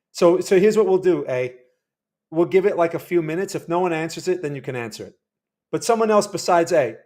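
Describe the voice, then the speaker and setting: A man's voice: on the high side, a little mellow. A man hosting a live day-trading stream, chatty and rambling as he comments on trades and quizzes his chat. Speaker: day trading livestream host.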